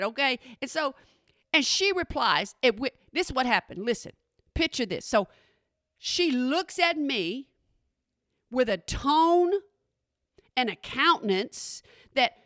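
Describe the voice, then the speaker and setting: A woman radio host telling a comedic story from her studio, animated and talking straight to her listeners. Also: high voice, no room sound. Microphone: studio microphone.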